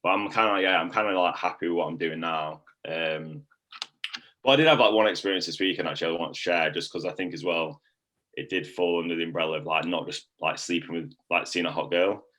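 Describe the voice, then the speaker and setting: Young man, low pitch, casual testimonial, rambling, lots of "like". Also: a little fast, a bit bright. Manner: rambling, heavy use of "like" fillers. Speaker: coaching client.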